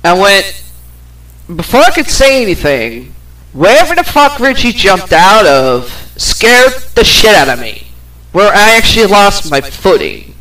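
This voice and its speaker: A woman's voice: medium pitch, very animated, unhurried, fairly bright tone, rough recording. A woman hosting a podcast, telling a personal story in a casual, rambling way with plenty of swearing. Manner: rambling, profane, with fillers and laughs. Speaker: podcast host.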